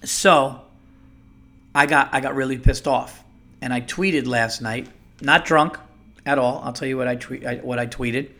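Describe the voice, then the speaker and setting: A man hosting a podcast, telling a comic story as an animated, profane and exasperated rant. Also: medium pitch, a little slow. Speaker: podcast host.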